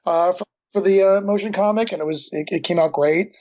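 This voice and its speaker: A man as a guest comic creator, answering casually in a halting way, full of restarts and fillers. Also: high-pitched, darkish tone. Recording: dull lo-fi audio.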